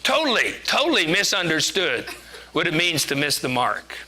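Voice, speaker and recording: A man's voice: a little high, big pitch swings, normal speed, bright, forceful tone. A man giving a conversational sermon, chatty and joking, laughing at himself as he preaches.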